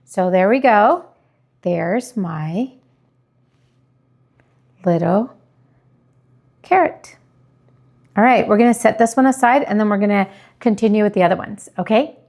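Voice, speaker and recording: A woman calmly explaining each step of decorating a cookie with icing as she works. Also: medium pitch, normal speed. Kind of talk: step-by-step tutorial narration.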